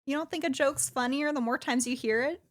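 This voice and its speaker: A woman co-hosting a podcast in casual chat, chatty and teasing, quick with jokes and asides on a close mic. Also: sits high. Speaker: podcast co-host.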